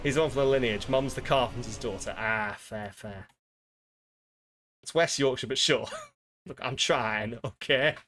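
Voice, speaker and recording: A man's voice: mid-range voice, a little slow, long pauses, a bit bright, faint music behind. A British man chatting casually with viewers as he plays, making jokes, rambling and mocking himself. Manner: joking, rambling, self-mocking. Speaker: streamer. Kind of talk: casual gameplay chat with viewers.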